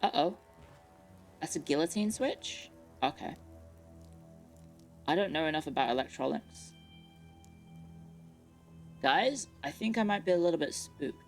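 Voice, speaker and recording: A young woman with a low, deep-set voice talks to her viewers while playing a puzzle game at home. She chats in a nervous, rambling way and repeats herself when she gets spooked. Faint game music plays underneath her voice. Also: expressive, a little slow, pauses often. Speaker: streamer. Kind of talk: live game stream commentary. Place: bedroom at home.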